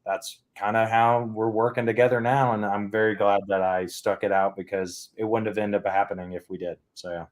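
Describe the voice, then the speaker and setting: A man's voice: lowish voice, little pitch movement, a little fast, few pauses. Laid-back young man on a call. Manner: easygoing, thinks aloud with many fillers. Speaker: podcast guest. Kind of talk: casual interview chat. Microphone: remote call.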